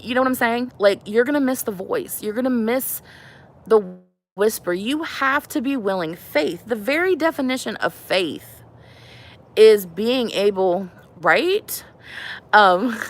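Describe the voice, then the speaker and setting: Earnest woman in her thirties, live on YouTube. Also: mid-range voice. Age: 30s. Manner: earnest and rambling, lots of "like" and "you know". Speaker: YouTube host talking to live viewers. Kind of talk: heartfelt live-stream talk on faith, reading chat. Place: on a porch at home.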